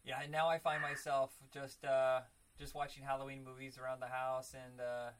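A man co-hosting a casual podcast chat, animated and swearing freely. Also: medium pitch, moderate pace, smooth, low-quality recording. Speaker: podcast co-host.

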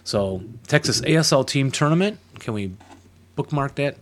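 A man co-hosting a casual podcast, mid-pitched and easygoing. He reads listener mail and drops dry jokes along the way. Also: animated, normal speed. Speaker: podcast co-host. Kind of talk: casual chat.

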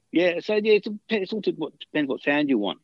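A man's voice: on the high side, dry recording, highs cut off. A man, a guitarist, telling long casual anecdotes in an interview, full of restarts and fillers. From Australia. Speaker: guitarist guest.

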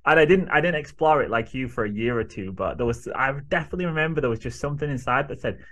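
Relaxed, candid male podcast host. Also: mid-range voice, fast. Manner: relaxed and reflective, candid with swearing. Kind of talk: casual podcast conversation.

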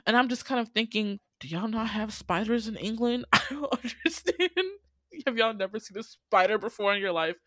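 Animated, foul-mouthed woman podcast host, dry close-miked sound. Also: fairly high pitch, moderate pace, no echo. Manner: profane, animated, laughs often. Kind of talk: casual movie recap.

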